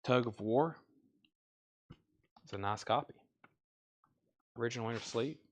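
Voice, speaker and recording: A man with a Southern US twang hosts a live record sale. He moves quickly through album titles and prices in loose, casual patter. He drops in offhand, chatty comments between sales. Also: medium pitch.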